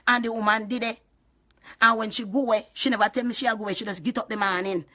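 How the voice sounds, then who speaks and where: A woman with a Jamaican accent speaks in heavy patois, swearing freely and rambling through an emotional live-stream rant, with loud bursts and laughter. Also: fairly high pitch, steady tone, fast. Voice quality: heavy patois, frequent cursing. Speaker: vlogger.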